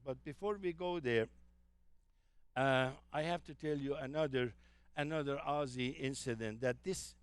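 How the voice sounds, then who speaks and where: Guy presenting to an audience, chatty and excited, lots of uhs, smooth clear voice. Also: medium pitch, no room sound. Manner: enthusiastic, anecdotal, with frequent fillers. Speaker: travel presenter.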